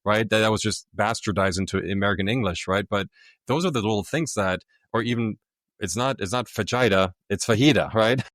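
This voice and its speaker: Low-voiced man telling stories. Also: a little fast, dry recording, studio quality. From Germany. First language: German. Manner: animated storyteller, acts out quoted voices. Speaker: podcast guest, author. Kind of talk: casual storytelling chat.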